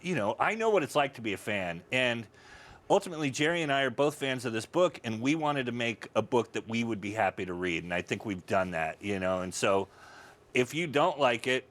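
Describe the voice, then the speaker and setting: A man's voice: medium pitch, lively intonation, brisk, fairly bright tone. A man being interviewed as a guest comedian on a TV talk show, self-mocking and laughing often. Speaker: guest comedian and comic writer. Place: TV studio.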